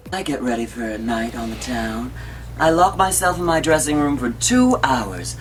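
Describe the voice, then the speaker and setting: A man putting on an affected, slow, grand drag-queen voice for an old audition tape. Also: medium pitch, very animated, soft background music, natural voice. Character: languid campy drag queen persona, grand and self-mocking. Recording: distant, noisy old camcorder audio.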